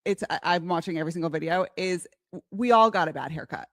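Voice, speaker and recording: A woman's voice: fairly low pitch, a bit bright, no echo. Chatty woman with lots of fillers. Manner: chatty, filler-heavy, slows down while pulling up clips. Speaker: co-host. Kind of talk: casual chat.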